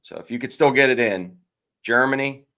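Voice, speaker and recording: A man's voice: medium pitch, moderate pace, bright, forceful tone. A man co-hosting a casual sports betting show, giving his picks with playful, mock-indignant banter.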